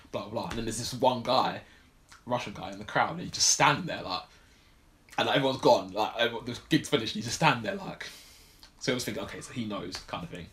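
Man, lowish voice, rapid talker, rambling film recap, casual podcast chat. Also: a bit bright. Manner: rambling plot recap with many fillers. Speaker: podcast co-host.

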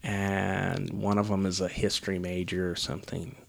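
Sarcastic rambling man, lowish voice. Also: flat delivery, moderate pace, gravelly. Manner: sarcastic, rambling, lots of ums. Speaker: podcast co-host reviewing a film. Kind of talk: casual chat.

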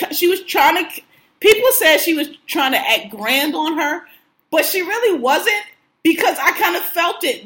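Bright, animated woman chatting casually. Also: high voice. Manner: animated, slangy and profane, laughs often. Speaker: podcast co-host. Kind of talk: casual chat recapping TV shows.

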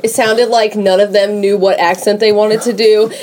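A woman's voice: mid-range voice, level tone, normal speed, crowd noise. A woman co-hosting a podcast, talking bluntly about a movie in casual chat. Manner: blunt, laughs while griping. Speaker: podcast co-host.

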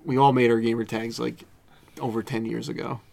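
A man's voice: mid-range voice, flat delivery, fairly quick, vocal fry, darkish tone. Een man die ontspannen meepraat en vaak lacht. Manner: laid-back, laughs often. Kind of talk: casual chat.

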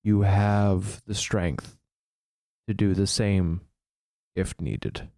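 A man's voice: deep voice, steady tone, drawn-out words, warm tone, no echo, exaggerated voice. A man voicing a stern, steadfast male knight in armor who speaks in grave, declamatory lines. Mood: solemn.

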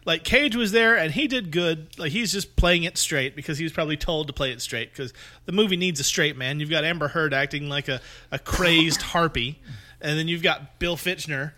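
A man's voice: a little high, normal speed, pushed and bright. A man co-hosting a casual movie podcast, opinionated and profane, laughing often. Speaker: podcast co-host. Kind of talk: casual chat.

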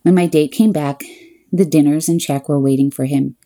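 Low, mellow woman telling a wry story. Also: moderate pace. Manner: wry, exasperated, deadpan asides. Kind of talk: first-person comic storytelling.

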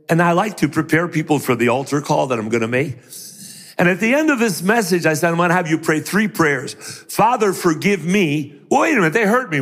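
A man's voice: fairly high pitch, long reverb tail. A middle-aged man preaching a sermon who acts out the voices of the people in his stories. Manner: animated, acts out voices in quotes.

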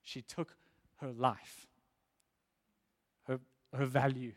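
A man's voice: mid-range voice, level tone, takes it slowly. A man preaching a sermon in an earnest way, often repeating words as he builds emphasis.

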